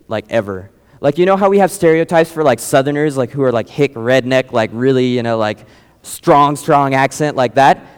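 A man's voice: mid-range voice, clean tone. Casual young male preacher, echoing hall. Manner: casual, digressive, many fillers. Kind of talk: sermon with mission stories. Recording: long reverb, large hall.

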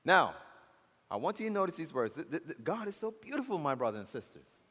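A man preaches with a notably high voice, rising to loud declarations and then dropping low and hushed. He calls out directly to his congregation. His voice rings through a church with a long, lingering reverb. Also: big pitch swings, brisk, slightly rough. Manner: impassioned, rises loud then drops low and soft. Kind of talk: sermon.

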